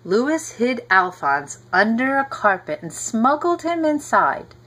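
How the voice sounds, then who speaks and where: A woman reads a picture book aloud to a child at a slow, unhurried pace. She is gentle and often turns to speak to her listener directly. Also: on the high side, sing-song, rough recording. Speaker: reader.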